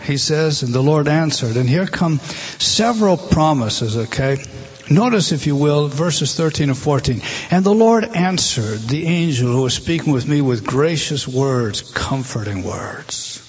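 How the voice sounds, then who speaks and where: Husky-voiced man preaching a conversational sermon. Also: fairly high pitch, normal speed. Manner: conversational, rhetorical questions, animated scripture reading. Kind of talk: sermon, Bible teaching.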